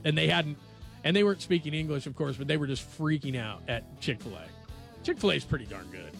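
Male sports radio host, gravelly, slightly high voice, jokey banter, faint music behind. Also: a little fast. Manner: animated, jokey, laughs often.

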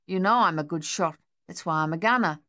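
A woman's voice: fairly low pitch, normal speed, fairly bright tone, clean tone, lightly acted. A woman voicing a shaken young male Australian soldier, pleading and raw with despair. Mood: distraught.

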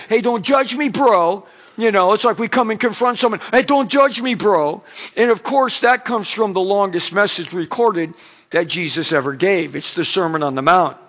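High-voiced man preaching a sermon. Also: a bit bright. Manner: conversational preaching with acted-out anecdotes. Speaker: pastor.

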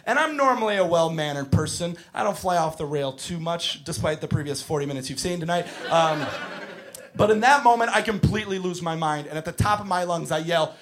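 A man doing stand-up, telling a story and building to shouted punchlines. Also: high voice. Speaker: stand-up comedian.

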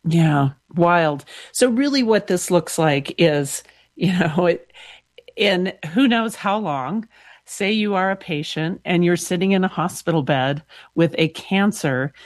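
A woman's voice: on the low side, expressive, a little slow, no echo, studio quality. A woman radio host interviewing a guest and signing off in a friendly, conversational way.

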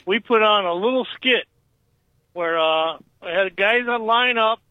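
Over phone-quality audio with no echo, a man in his fifties calls in to a radio show, his voice high-pitched and his pace measured. He tells a rambling story and stumbles over his words.

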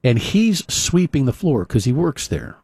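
A man's voice: mid-range voice, big pitch swings, unhurried, vocal fry, a little mellow, husky, dry recording. A male radio host casually retelling a film scene in a rambling way, full of fillers and restarts. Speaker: radio talk show host. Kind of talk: casual talk radio monologue.

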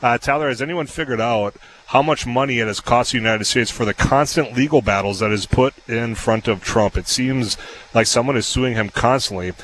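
A man's voice: medium pitch, normal speed, a bit bright, slight background noise, poor audio. A man hosting a talk radio show, chatting casually and telling stories with frequent fillers and laughs, in a radio studio. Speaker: radio host.

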